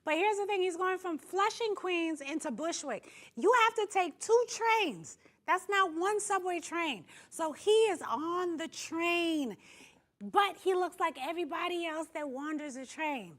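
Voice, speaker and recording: A woman co-hosting a casual talk show, speaking in a very high voice. She presses each point home with repetition and breaks into laughter often. Her tone is bright and forceful. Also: expressive, unhurried. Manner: emphatic, repeats herself, laughs often. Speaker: co-host.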